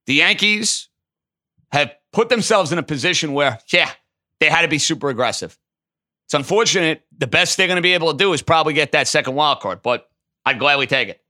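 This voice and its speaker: A man hosting a call-in sports talk show, taking callers and arguing his takes emphatically. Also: on the high side. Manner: emphatic, animated, quick to riff. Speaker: sports radio host.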